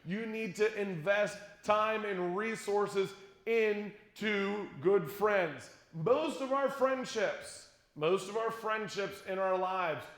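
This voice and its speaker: A man speaking at a youth conference, telling a jokey, animated story to middle schoolers and leading a short prayer. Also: high voice, takes it slowly. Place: church conference room with an audience. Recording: echoey room.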